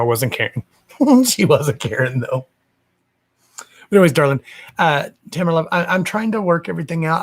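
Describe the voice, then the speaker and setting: A man's voice: on the high side, creaky. A man hosting a live stream as a psychic medium, chatting casually from home in a sassy, gossipy way, cussing freely and calling his viewers darling.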